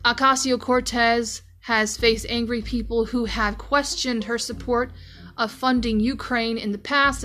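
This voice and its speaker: A woman with a fairly high, bright, sharp voice hosts a news commentary podcast. She reads the stories aloud and then launches into heated rants full of swearing. Faint music sits low underneath her. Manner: profane, heated ranting. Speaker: podcast host.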